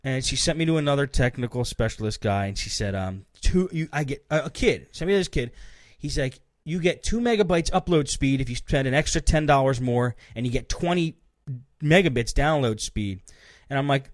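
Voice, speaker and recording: A man's voice: mid-range voice, lively intonation, fairly quick, no room sound, clean studio sound. A man hosting a podcast, telling a story in a casual rant and acting out both sides of his phone calls. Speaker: podcast host.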